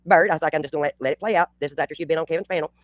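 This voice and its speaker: A woman's voice: low voice, rapid-fire, dry recording. A woman hosting a livestream, telling a story bluntly and profanely, with rambling restarts. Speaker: channel host.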